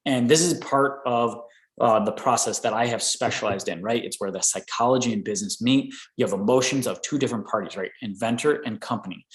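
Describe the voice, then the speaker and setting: During a live Q&A coaching session, an energetic licensing expert answers inventors' questions about licensing negotiations, frequently adding "right?" to check in with the listener. His voice is medium in pitch, and the room echoes noticeably.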